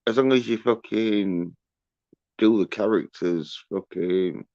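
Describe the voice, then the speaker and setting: A man's voice: on the low side, slow, warm tone, dry recording, dull audio. A man hosting a livestream, ranting in a rambling, profane way with many fillers and restarts. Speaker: livestream host.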